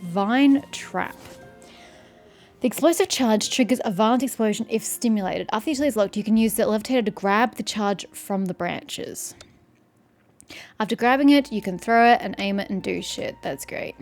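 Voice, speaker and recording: A woman playing a video game and commentating casually, sarcastic and quick to swear, reading the on-screen text aloud. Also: mid-range voice, soft background music. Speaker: let's-play streamer.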